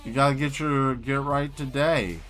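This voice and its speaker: A man's voice: mid-range voice, fairly even intonation, normal speed, fairly bright tone, faint music behind. A man chatting casually on a live stream while he draws, rambling and riffing on jokes. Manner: rambling, joking riffs. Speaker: streaming artist.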